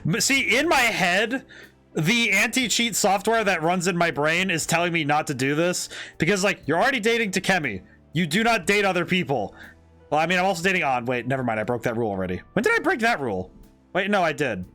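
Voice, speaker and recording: Excitable rambling male game streamer. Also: high voice, fairly quick, faint music behind. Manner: excitable, rambling, stops and restarts, jokey. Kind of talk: casual gameplay commentary.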